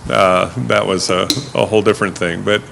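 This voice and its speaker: A man's voice: low voice, flat delivery, brisk, creaky, fairly bright tone, slight background noise. A man who works as a rideshare driver telling stories in a casual chat, mimicking his passengers. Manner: easygoing storyteller, mimics passengers. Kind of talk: casual storytelling on a podcast.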